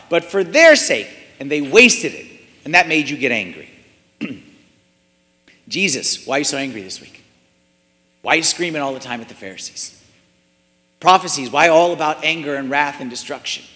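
A man's voice: high voice, bright, forceful tone, in a large hall. A man preaching a sermon in a church, asking the congregation many rhetorical questions and repeating phrases for emphasis.

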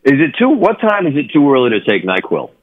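A man's voice: mid-range voice, huge pitch swings, brisk, narrow, tinny audio. A man, a hockey broadcaster, chatting by phone on a sports radio show, rambling with many fillers and restarts.

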